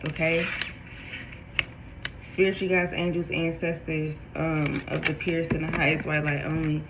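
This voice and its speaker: A woman giving a spiritual tarot reading, talking straight to her viewers in an animated way. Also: deep voice, moderate pace, noisy background. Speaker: tarot reader.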